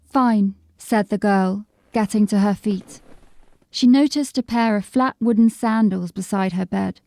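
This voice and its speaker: A woman narrates a fantasy audiobook in a measured, descriptive way. Her voice is mellow and warm, and it sits at a middle pitch. The recording is dry and close. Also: no echo. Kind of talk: scripted narration.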